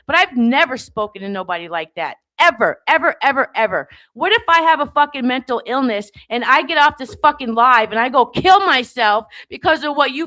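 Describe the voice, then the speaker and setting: A woman's voice: high-pitched, pushed and bright. A woman from the United States ranting angrily on a livestream, swearing and confrontational. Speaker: livestream guest. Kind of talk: angry rant on a livestream.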